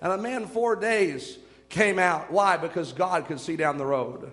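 Guy preaching, high voice, story-telling, lots of reverb like a church hall. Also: unhurried, fairly bright tone. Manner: storytelling, dramatic retelling with shifting pace. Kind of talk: sermon.

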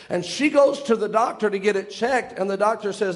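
A man's voice: sits high, normal speed, few pauses. A man preaching a sermon, retelling a story with long quotes and stopping to explain each detail earnestly.

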